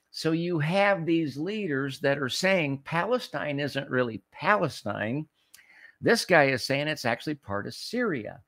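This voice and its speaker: A man hosting a talk program, reading scripture and preaching commentary in an emphatic way, often restarting and repeating words and slowing down to stress key phrases. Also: on the high side, expressive, fairly bright tone, no echo, studio quality. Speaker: host of a political talk show.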